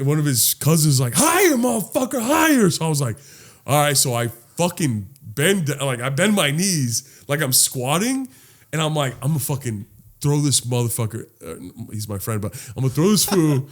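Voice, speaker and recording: A man co-hosting a podcast, telling a story in casual chat, animated and laughing, swearing freely. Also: medium pitch. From Los Angeles. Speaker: podcast co-host.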